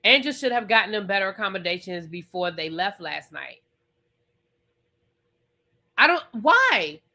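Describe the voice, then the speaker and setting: Emphatic, bright-voiced woman vlogger. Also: lowish voice, lively intonation, fairly quick, vocal fry. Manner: emphatic, repetitive, swears freely. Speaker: TV review vlogger. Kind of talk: casual reality TV recap.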